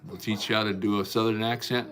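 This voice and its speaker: A man's voice: lowish voice, level tone, quick pace, a bit bright. A man hosting a casual livestream from home, chatting with viewers in a folksy, rambling way, with many fillers and restarts. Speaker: livestream host. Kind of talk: casual livestream chat, greeting and answering viewers.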